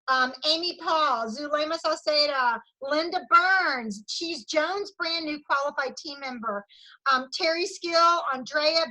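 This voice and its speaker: Bright high-voiced woman cheering her team. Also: poor audio. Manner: enthusiastic, cheering, Southern "y'all". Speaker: sales director leading a team meeting. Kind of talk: energetic team meeting pep talk. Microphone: video call.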